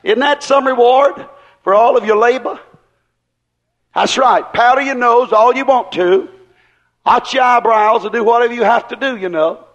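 A man preaching a sermon in a fervent, folksy way, firing rhetorical questions at the congregation and rising into shouts. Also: extremely high pitch, normal speed, highs cut off. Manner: acts out quoted people in voices.

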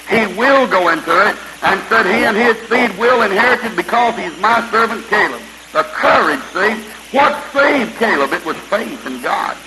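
A man preaching a sermon in a folksy way, retelling scripture stories with lively quoted dialogue. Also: high-pitched, noisy background. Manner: folksy Southern-style preaching with vivid retold quotes.

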